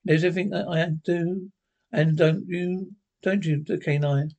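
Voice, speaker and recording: A man's voice: sits high, fairly even intonation, normal speed, darkish tone, low-quality recording. A man reading the part of a fussy, kindly male professor, hesitant and restarting. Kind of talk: reading a script aloud.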